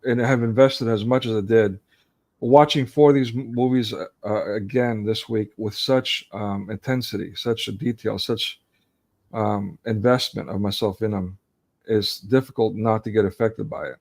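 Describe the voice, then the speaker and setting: Speaking at a moderate pace with fairly even intonation, this forties co-host has a fairly low, slightly mellow voice. In the casual video-call discussion he grows heated and earnest, frequently starting sentences over.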